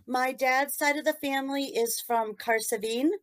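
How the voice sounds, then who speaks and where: A woman's voice: high voice, steady tone, moderate pace. A woman co-hosting an interview, telling a fond memory in a rambling, emotional way. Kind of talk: casual interview chat.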